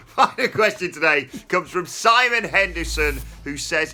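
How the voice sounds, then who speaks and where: A man hosting a casual podcast chat, animated and exclaiming with frequent laughs. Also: on the high side, measured pace. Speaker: host.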